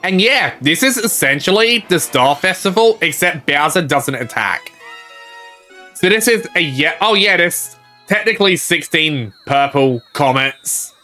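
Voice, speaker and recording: Bright-voiced man rambling over gameplay. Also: a little high, animated, measured pace, faint music behind. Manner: rambling, reads game dialogue aloud. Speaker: game streamer. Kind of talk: casual gameplay commentary.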